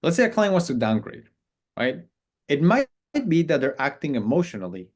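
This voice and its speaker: A man's voice: a little high, very animated, moderate pace. A man coaching on client business in a casual, conversational talk, acting out sample messages.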